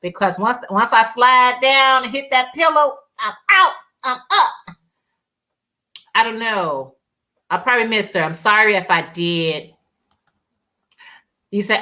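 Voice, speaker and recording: A woman's voice: fairly high pitch, expressive, slow pace, pauses often, bright, forceful tone. A woman hosting a casual live stream, rambling and reading viewer comments aloud with frequent laughs. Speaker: livestream host.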